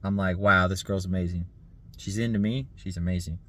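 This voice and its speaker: A man's voice: low-pitched, steady tone, fairly quick, bright, forceful tone. Rambling, swearing man in his thirties. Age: 30s. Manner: rambling, laughing, swearing, frequent fillers. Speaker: vlogger. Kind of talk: casual vlog monologue.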